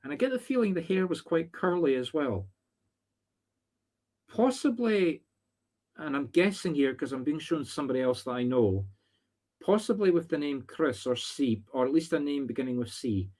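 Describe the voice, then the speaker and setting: A man from Scotland with a Scottish accent delivers psychic readings over a live stream as a spiritual medium, chatty and thinking out loud with playful teasing. His voice is a little high, expressive and dark in tone, at a moderate pace.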